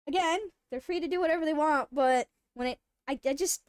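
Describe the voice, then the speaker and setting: A woman streamer telling a story in casual live-stream chat, animated and swearing freely. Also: sits high, no room sound, studio quality.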